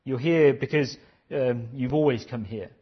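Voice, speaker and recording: Man, preacher, sermon, earnest, husky voice, dull lo-fi recording. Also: medium pitch, measured pace. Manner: earnest, questioning, repeats phrases.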